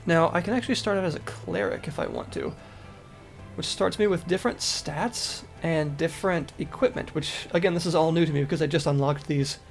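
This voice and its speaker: A man's voice, set a touch higher than usual, comes through stuffy and nasal with a slight rasp from a cold. He talks through a game in a loose, casual commentary, full of fillers and self-corrections. Soft music plays underneath. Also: a little fast. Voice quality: raspy. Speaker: game reviewer.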